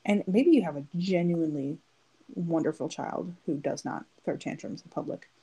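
A woman's voice: deep voice, moderate pace, mellow, husky, rough recording. A woman in her thirties, a podcast co-host telling a long story in casual chat and acting out the quotes. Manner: chatty storytelling, acts out quotes.

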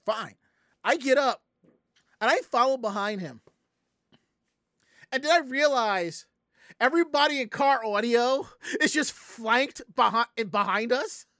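A Southern US streamer tells chat a story in a loose, lively, foul-mouthed way, playing each character. The voice sits at medium pitch, recorded with studio clarity and no room sound.

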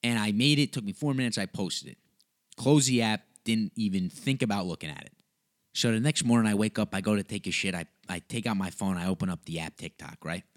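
Low-voiced young man rambling. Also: a little fast. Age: young adult. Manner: rambling, goes off on tangents, swears. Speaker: podcast host. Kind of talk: casual storytelling.

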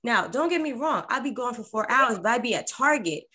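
A woman's voice: a little high, lively intonation, a little fast, bright, forceful tone, breathy edge. A woman in casual chat, telling a story animatedly and acting out quoted voices.

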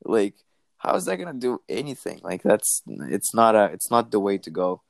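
A man's voice: on the low side, sing-song, moderate pace, creaky, dry recording. A young man from Canada, co-hosting a podcast and ranting loosely, swearing, with laughs between lines. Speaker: podcast co-host. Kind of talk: casual chat.

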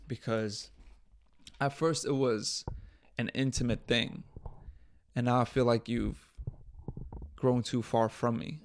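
A man's voice: mid-range voice, steady tone, takes it slowly, pauses often, slight background noise. A man hosting his own podcast, talking bluntly and profanely in a casual, exasperated rant. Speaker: podcast host.

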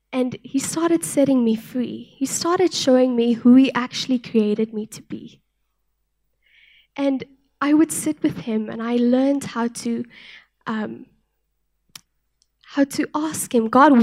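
A young woman from South Africa giving an earnest sermon with personal testimony, speaking softly and often restarting her sentences. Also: on the high side. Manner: soft-spoken, earnest, with frequent restarts. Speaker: church speaker.

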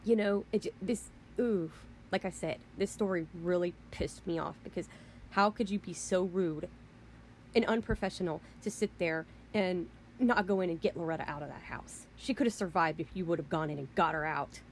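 A woman's voice: fairly low pitch, a little fast, a little hiss or hum. Indignant rambling woman ranting. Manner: indignant, rambling, repeats "you know" and "I mean"; swears in exasperation. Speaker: vlogger. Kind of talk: angry storytelling rant.

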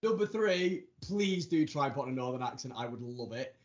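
A man's voice: medium pitch, expressive, a little fast. A man hosting a casual podcast chat, teasing his guests and laughing often. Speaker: podcast host. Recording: dull lo-fi sound.

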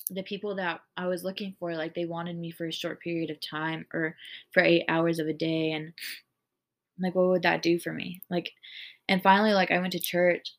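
A woman's voice: lowish voice, flat delivery, moderate pace. A woman hosting a casual faith podcast, talking earnestly and rambling, with lots of "like". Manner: earnest, rambling, heavy use of "like". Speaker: podcast host.

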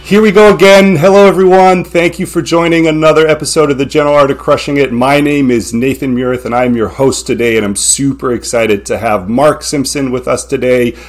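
A man's voice: medium pitch, fairly even intonation, brisk, few pauses, soft background music. Man, podcast host, upbeat, enthusiastic, casual interview.

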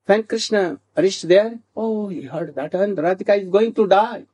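A man telling a devotional story slowly, with halting restarts and asides asking "hmm?". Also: sits high, mellow, breathy edge.

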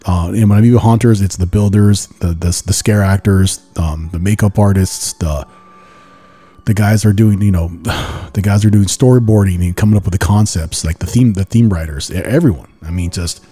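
A man hosting a podcast, telling stories in a casual, animated way, full of "like" and "dude", often clearing his throat and laughing. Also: deep voice, moderate pace. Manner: animated storyteller, peppered with "like" and "dude". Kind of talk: casual chat.

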